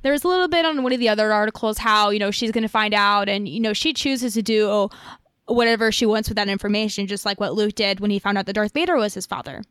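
A woman's voice: medium pitch, fairly even intonation, fast talker, a bit bright, smooth, no echo, clean studio sound. A woman co-hosting a podcast in casual chat, chatty and musing aloud with lots of fillers. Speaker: podcast co-host.

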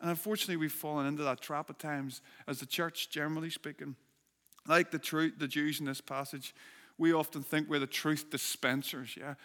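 Bright-voiced pastor preaching in a reverberant hall. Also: male voice, a little high. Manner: earnest, builds emphasis with rhetorical questions. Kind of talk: sermon.

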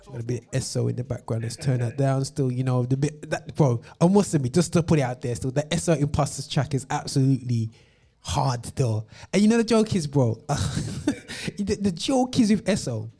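A man's voice: medium pitch, lively intonation, moderate pace, mellow, slightly rough. A man hosting a casual live-stream chat, rambling, interrupting himself and laughing often. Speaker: host.

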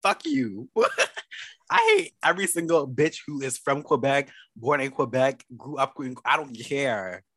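A man's voice: mid-range voice, sing-song, measured pace, gravelly, fairly bright tone, dry recording. A young man from Canada co-hosting a podcast, ranting in a sassy, profane way and breaking into laughter. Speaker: podcast co-host. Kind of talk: casual chat. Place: studio.

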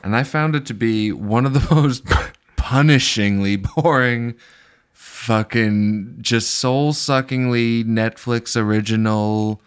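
A man co-hosting a podcast, chatting casually about movies in a joking, animated way with some swearing. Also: medium pitch, slow pace, clear, resonant tone. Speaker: podcast co-host.

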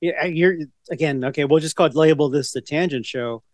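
A man's voice: a little high, brisk, no room sound. A middle-aged man co-hosting a casual podcast chat, rambling from one story to the next with many restarts. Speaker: podcast co-host.

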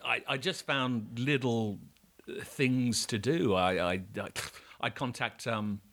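A middle-aged man with an English accent, chatting casually as an interview guest, halting with many restarts and casual swearing. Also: medium pitch, a bit bright. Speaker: actor and guest.

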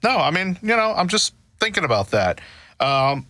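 A man's voice: a little high, very animated, moderate pace, sharp tone, no echo. A man in a casual discussion, explaining his points at length with frequent restarts.

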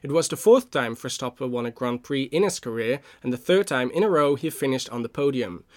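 Male news presenter, reads sports bulletins in a steady voice, slips into hesitant chat between stories. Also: medium pitch. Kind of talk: radio news reading and banter.

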